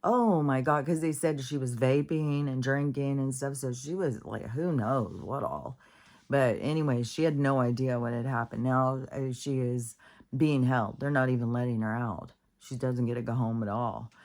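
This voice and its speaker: A woman's voice: rumbling low, fairly even intonation, moderate pace, a little mellow. A woman vlogger telling a story in a rambling casual monologue, with many fillers, restarts and blunt swearing. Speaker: spiritual vlogger.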